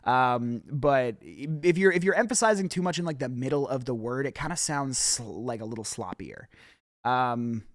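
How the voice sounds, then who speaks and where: A man's voice: mid-range voice, expressive, moderate pace, no echo, clean studio sound. A young man hosting a rap feedback show, giving candid casual critique with frequent swearing and many ums and restarts.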